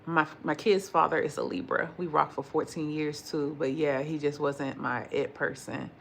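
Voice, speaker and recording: A woman chatting casually with her livestream viewers while she cooks in a home kitchen. She tells stories in an animated way, acts out what people said, and curses freely. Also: deep voice, normal speed, vocal fry, a little hiss or hum. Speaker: vlogger chatting with live viewers.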